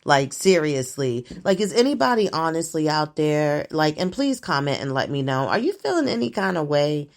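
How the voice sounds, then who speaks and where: A woman's voice: deep voice, sing-song, normal speed, hardly any pauses. A woman hosting her own show, talking through current events in a casual, blunt, profane monologue and laughing often.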